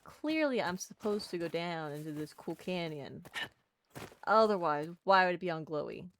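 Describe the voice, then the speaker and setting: A woman's voice: lowish voice, moderate pace, a bit bright, a little hiss or hum. A woman streamer giving playful gaming commentary, bubbly and jokey, chatting to the characters on screen. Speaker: let's play streamer.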